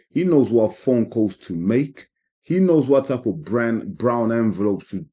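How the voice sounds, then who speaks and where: A man's voice: medium pitch, warm tone, breathy edge. A man giving emphatic, repetitive opinions in a casual commentary vlog. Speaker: boxing commentator.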